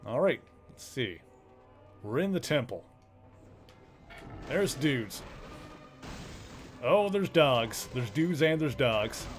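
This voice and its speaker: A man's voice: mid-range voice, big pitch swings, slow pace, long pauses, soft background music. Chatty, joking man streaming a game. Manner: chatty and joking, with filler words. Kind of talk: casual let's play commentary.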